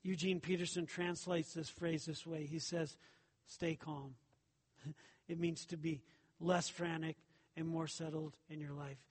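A man's voice: fairly high pitch, little pitch movement, a little slow, husky, big-room sound. A man preaching a sermon as pastor, talking it through with the congregation and asking rhetorical questions.

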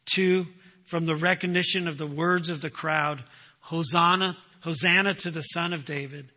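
A man's voice: on the high side, steady tone, normal speed, bright, forceful tone, big-room sound. A man preaching a sermon, emphatic, asking rhetorical questions and answering them himself. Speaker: pastor.

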